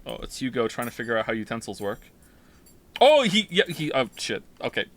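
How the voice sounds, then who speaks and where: A man's voice: medium pitch, steady tone, fast, fairly bright tone. A man streaming a game live, chatting casually, rambling and interrupting himself while reading chat aloud.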